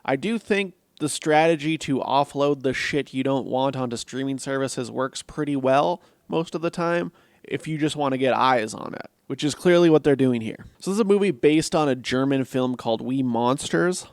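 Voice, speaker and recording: A man's voice: medium pitch, normal speed, clear, resonant tone, no room sound. Blunt, sarcastic man reviewing a movie. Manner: laughs through his own jokes. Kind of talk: casual spoken film review.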